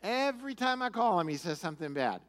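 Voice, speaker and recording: A man's voice: high-pitched, very animated, fast, a bit bright. A man preaching, casually putting on the voice of a wicked, boastful ancient king in modern slang. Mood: brash.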